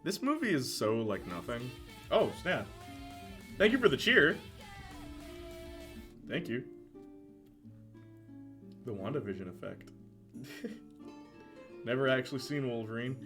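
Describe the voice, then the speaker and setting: A man in casual live-stream chat, talking excitedly about movies and often laughing as he reacts to chat. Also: mid-range voice, a little slow, long pauses, faint music behind.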